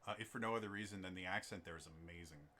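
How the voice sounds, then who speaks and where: A deep, sharp-toned voice rushes along very fast over a little hiss or hum. He's a streamer and game master running his own tabletop campaign, chatting casually with lots of ums, rambling and restarts.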